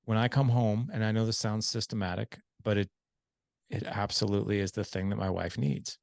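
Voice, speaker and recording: A man's voice: fairly low pitch, brisk, gravelly, no room sound, clean studio sound. A man speaking as a podcast guest about fatherhood, explaining points earnestly and acting out the dialogue in his stories. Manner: animated storyteller who acts out quoted dialogue. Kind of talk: casual podcast conversation.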